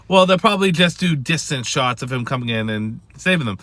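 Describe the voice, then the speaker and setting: A man with a wife and family talking casually about a show he loves, swearing and tripping over restarts as he gets excited. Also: mid-range voice, brisk, dry recording. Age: adult with a wife and family. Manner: swearing, emphatic, stammering restarts. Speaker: vlogger. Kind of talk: casual excited fan rant.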